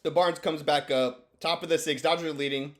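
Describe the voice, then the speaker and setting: A man's voice: fairly high pitch, steady tone, a little fast. A stoned man giving rambling, joking, profane commentary over sports clips. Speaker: video host.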